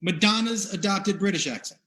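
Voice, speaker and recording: Upbeat game-show host, male, high bright voice, chuckly. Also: moderate pace. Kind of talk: hosting a comedy panel game over video.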